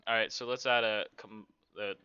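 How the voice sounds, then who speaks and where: A man's voice: fairly low pitch, steady tone, normal speed, bright, forceful tone, smooth, no room sound, muffled recording. A man casually talking through a game development tutorial, rambling to himself with many fillers. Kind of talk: casual screen-recorded tutorial.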